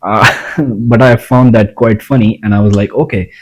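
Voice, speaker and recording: A man's voice: on the low side, steady tone, normal speed, poor audio. A man giving casual self-help advice in a blunt, rambling way, swearing freely. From India.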